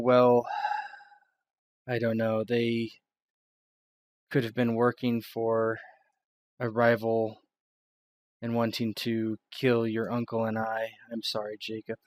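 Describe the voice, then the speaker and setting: A man voicing a weary, secretive woman who sighs as she confesses in measured tones. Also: mid-range voice, little pitch movement, close to an everyday voice. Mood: solemn confession. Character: secretive middle-aged woman, weary and grave.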